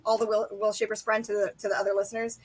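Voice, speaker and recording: A young woman co-hosting a casual live book discussion, excitable and profane, acting out quotes from the books. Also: medium pitch, very fast, husky, low-quality recording. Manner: excited, swears a lot, acts out quotes. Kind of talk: casual live-stream chat.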